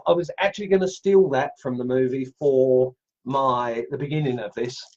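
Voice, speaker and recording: A middle-aged Australian man hosting a casual woodcarving livestream from his home workshop, chatty and excitable, laughing as he tests knives and greets viewers. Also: mid-range voice, normal speed, muffled recording. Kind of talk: casual live-stream chat, unboxing and testing knives.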